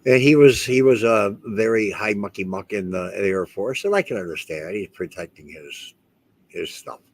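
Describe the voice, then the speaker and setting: A man with a fairly low voice talks straight to the camera in a loose, rambling way. He leans hard on his points and keeps doubling back to restart his sentences. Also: normal speed, slight background noise. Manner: rambling and emphatic, with many restarts. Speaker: house owner and vlogger. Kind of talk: casual talk to camera.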